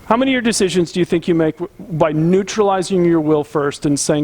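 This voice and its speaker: A man's voice: on the high side, fairly quick, few pauses, darkish tone. A man preaching a conversational sermon as pastor, earnest and emphatic, putting direct questions to the congregation.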